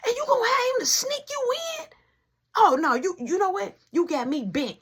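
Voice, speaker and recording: A man's voice: very high-pitched, big pitch swings, moderate pace, voice pushed up, full character voice. A man voicing his stern middle-aged mother, scolding sharply and threatening, in a spoken story. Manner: sharp, threatening, rising to yells.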